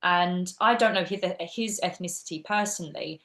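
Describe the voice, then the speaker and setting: A woman's voice: lowish voice, normal speed. A British woman, an actress and teacher, chatting as a podcast guest and telling stories animatedly with plenty of fillers. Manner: animated storytelling with many fillers. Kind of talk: casual interview chat.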